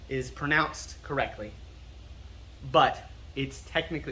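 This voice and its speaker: In a casual teaching style, an American martial arts instructor explains terminology, admitting he's a nerd and slowly repeating words to drill how they're pronounced. His voice is mid-range, pushed and bright.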